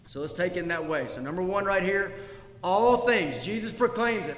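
A man's voice: high-pitched, animated, brisk, a bit bright. A man preaching a sermon as pastor, building intensity and asking rhetorical questions. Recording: echoey hall.

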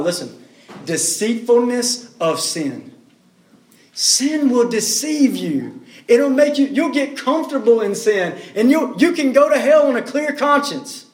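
A man preaching a sermon, pressing his points with rhetorical questions and repeating key words. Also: very high-pitched. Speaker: pastor. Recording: roomy echo.

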